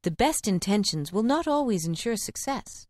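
Expressive woman audiobook narrator. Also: mid-range voice, normal speed, dry recording, studio quality. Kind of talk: scripted storybook narration.

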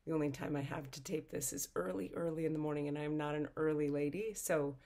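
Sleepy, breathy woman reading tarot cards. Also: deep voice, quick pace. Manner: chatty and animated, with many fillers. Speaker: spiritual teacher and energy healer. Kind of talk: casual tarot card reading to camera.

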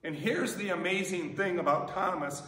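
A man's voice: high voice, moderate pace, pushed and bright. A man preaching a sermon as pastor, in a conversational way with many rhetorical questions. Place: church sanctuary. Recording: echoey church from a distant mic.

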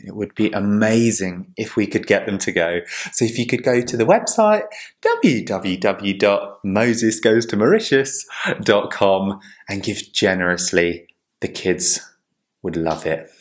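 A smarmy charity fundraiser, as a man puts him on, coaxing for donations in a low, smooth voice. He spells things out slowly and sweetly. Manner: smooth, slow, pleading.

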